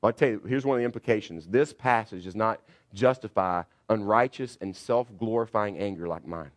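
A man's voice: on the low side, brisk. Middle-aged man preaching a storytelling sermon. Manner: storytelling, swings from shouting re-enactment to quiet confession. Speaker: pastor.

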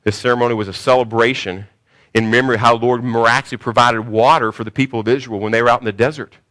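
A man preaching a sermon, swinging from hushed, slow phrases to loud cries, sometimes repeating words as he searches for the next one. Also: mid-range voice, steady tone. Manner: emphatic, repeats words while searching for them. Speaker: pastor.

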